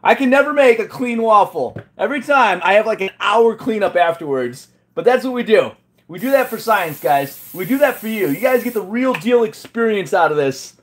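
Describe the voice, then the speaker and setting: A man's voice: high voice, lively intonation, moderate pace. A man hosting a cooking challenge from his home kitchen, talking casually and jokingly to a live audience. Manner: chatty, joking, self-deprecating. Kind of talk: casual live-stream chat.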